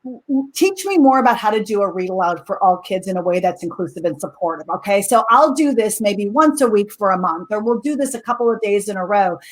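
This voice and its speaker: A middle-aged woman telling a lively classroom story in a casual talk, with many fillers and quick laughs. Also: mid-range voice. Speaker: co-teaching expert guest.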